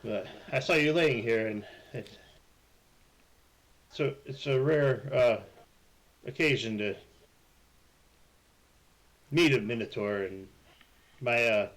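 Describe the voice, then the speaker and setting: An earnest minotaur-like adventurer, voiced by a man speaks in a plain, mid-range voice. He is polite and halting, pausing often as he searches for words. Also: mid-range voice, fairly bright tone, poor audio. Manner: hesitant, many pauses and fillers. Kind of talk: live-streamed tabletop role-play.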